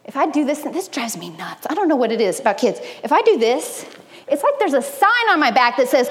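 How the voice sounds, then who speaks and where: Female speaker, 30s, high voice, animated personal preaching, long hall reverb. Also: brisk. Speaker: speaker at a church gathering. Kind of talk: sermon-style talk.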